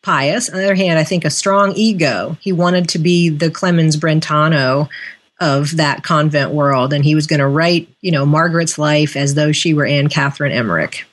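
A woman's voice: deep voice, normal speed. A woman author being interviewed, speaking thoughtfully with frequent fillers and restarts. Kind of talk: conversational interview.

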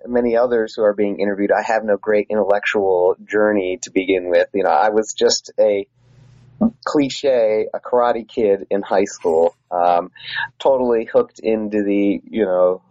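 A man's voice: lowish voice, a little slow, darkish tone, dry recording. A man being interviewed about his book, talking casually with many fillers. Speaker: author and interview guest. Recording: dull, dry lo-fi line.

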